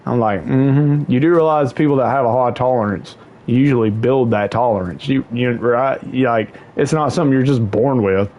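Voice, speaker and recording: Young male streamer, casual, profane storyteller, mid pitch, animated. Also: normal speed, few pauses, dull audio. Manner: animated, swearing, slangy, jumps up in pitch for quoted voices. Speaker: livestream host.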